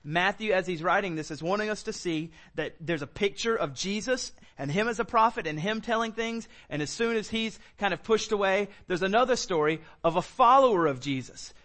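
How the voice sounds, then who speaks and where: High-voiced man preaching conversationally. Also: lively intonation, a little fast, hardly any pauses, a bit bright. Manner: conversational preaching with fillers and repeated words. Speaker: pastor. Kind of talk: sermon.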